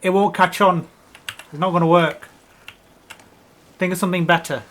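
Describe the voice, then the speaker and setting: A man with a slightly high voice talks casually over gameplay as a let's-play host, rambling and joking as he riffs on a single word. He sounds like he is at a home gaming setup, with a faint hiss of noise under his voice. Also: steady tone, moderate pace, fairly bright tone.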